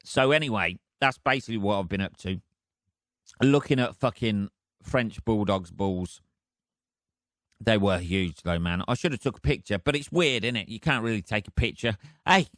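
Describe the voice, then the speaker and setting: A man's voice: lowish voice, normal speed, fairly bright tone, dry recording, studio quality. A man hosting a solo podcast, rambling casually with heavy swearing and chuckles. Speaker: podcast host.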